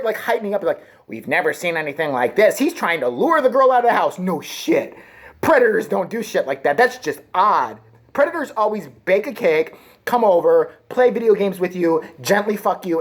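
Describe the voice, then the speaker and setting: A woman's voice: lowish voice, husky. A woman vlogger delivering a crude, sarcastic comedic rant. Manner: crude, sarcastic, swings into mocking voices.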